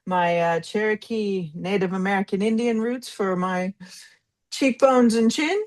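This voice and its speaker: A woman in her fifties from New York telling her story as a guest on a podcast, in an upbeat, lively way. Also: medium pitch, measured pace. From New York, of Puerto Rican roots. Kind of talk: casual interview.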